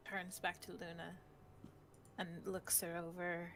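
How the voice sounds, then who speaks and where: A woman playing a tabletop game, describing her character's actions in an unhurried, thoughtful way. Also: fairly low pitch, monotone, background noise. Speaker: player. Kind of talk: casual play narration.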